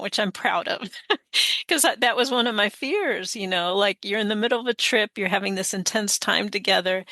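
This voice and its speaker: A woman in her sixties talks through an interview with a bright, clear tone. Her speech is chatty and loose, full of fillers and quick laughs. The sound is dry and close. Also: mid-range voice, no echo. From United States. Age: 60s. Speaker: guest author. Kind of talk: conversational interview.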